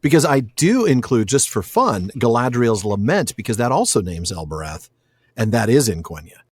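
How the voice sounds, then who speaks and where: A man's voice: mid-range voice, big pitch swings, moderate pace, a little mellow, husky, dry recording. A man hosting a podcast, chatting casually and eagerly reading passages aloud. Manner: enthusiastic, reads passages aloud. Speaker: podcast host and scriptwriter.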